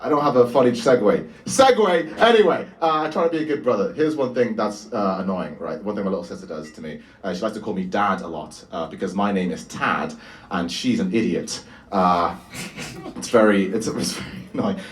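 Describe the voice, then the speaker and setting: Picked up on a distant mic, a low-pitched man in his 20s works through a brisk stand-up set in a small bar with a live crowd. His humor is dry and self-deprecating.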